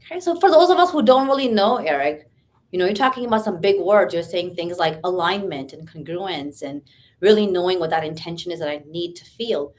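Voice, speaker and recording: A woman's voice: on the low side, expressive, a little fast, darkish tone. A woman hosting an interview, attentive and asking her guest to explain his terms. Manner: attentive, frequent short affirmations. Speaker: host. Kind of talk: interview host.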